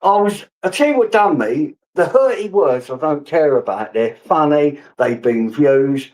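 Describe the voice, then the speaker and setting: A man hosting a casual live stream, talking in a laid-back, calming way and giving advice. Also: on the high side, unhurried, rough recording. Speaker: streamer host.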